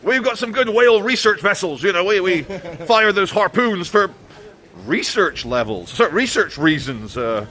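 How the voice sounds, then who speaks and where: Man putting on a high mocking viewer voice. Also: very animated, measured pace, bright, forceful tone, full character voice. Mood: mock defensive. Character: mocking male whaling-nation viewer, defensive.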